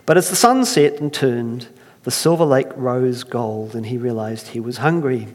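A male pastor at a mid-pitched, ordinary level gives a sermon and reads a story aloud. He is conversational and self-deprecating and slows down for the storytelling. The voice carries a long reverb from a church hall.

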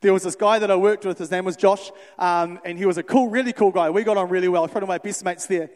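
A young man, a youth worker telling stories in a sermon, animated and conversational, acting out the dialogue. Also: high voice, fast. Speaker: youth worker speaking to a church. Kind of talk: storytelling sermon. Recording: reverberant hall.

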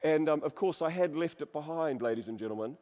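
A man's voice: fairly high pitch, quick pace, dark tone. A man preaching a sermon, reading scripture dramatically and joking with the congregation. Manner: dramatic, humorous, varies voice for quotes. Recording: long hall reverb.

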